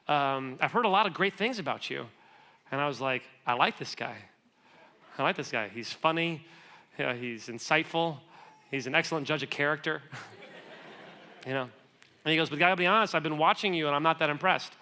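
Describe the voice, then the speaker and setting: A man in his thirties preaches as a guest speaker in a church, telling personal stories in a relaxed, conversational way. His voice is bright and sits slightly high for a man. He pokes fun at himself and acts out the dialogue of the people in his stories. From United States. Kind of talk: storytelling sermon. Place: church auditorium.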